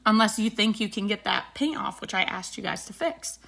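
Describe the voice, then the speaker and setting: A woman's voice: medium pitch, animated, normal speed, creaky, pushed and bright. A woman in her thirties, a beauty vlogger, chatting casually and retelling a dispute with indignation while doing her makeup.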